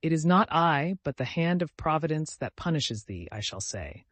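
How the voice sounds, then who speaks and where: A man's voice: a little high, big pitch swings, moderate pace, fairly bright tone, no room sound. A man voicing a brooding young man who solemnly resolves on a heroic sacrifice, in a melancholy inner voice.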